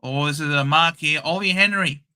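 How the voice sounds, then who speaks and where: Excitable Australian man calling a match. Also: fairly high pitch, moderate pace, clean tone. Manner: chatty, excitable, blunt. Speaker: host. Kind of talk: casual live match commentary.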